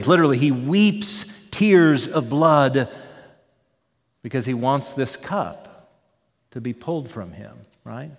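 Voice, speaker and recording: An earnest male pastor preaches a sermon, with a slightly high voice for a man. He swings from loud, emphatic lines to soft, trailing ones. A long hall reverb hangs on his words in the church. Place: church sanctuary.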